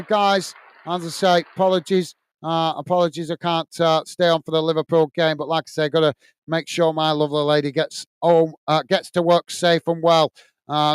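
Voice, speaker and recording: A man from England hosts a football watch-along stream, signing off casually and reading out viewer comments. His high, smooth voice is chatty, heavy with "uh" fillers and repeated "mate"s. There's no room sound.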